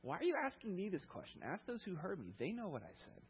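A preacher voicing a calm male teacher on trial who answers in a quiet, measured way, heard through a dull, lo-fi recording. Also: high-pitched, husky, pitched above the performer's own voice, full character voice.

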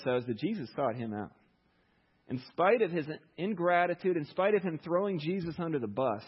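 Sarcastic chatty preacher in an echoey hall. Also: male voice, fairly high pitch, husky. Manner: conversational, sarcastic asides, many fillers. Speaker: pastor. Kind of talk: sermon. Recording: echoey hall, dull lo-fi sound.

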